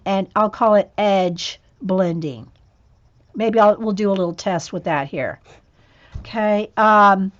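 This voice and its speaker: A woman's voice: a little high, highs cut off. A middle-aged woman hosting an art channel, rambling in casual livestream chat with many restarts. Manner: rambling, chatty, restarts often. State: has the hiccups.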